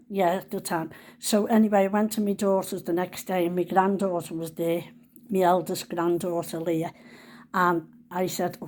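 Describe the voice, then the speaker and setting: A woman's voice: fairly low pitch, darkish tone. A woman. She tells a personal story casually, in a chatty, homely manner with everyday dialect.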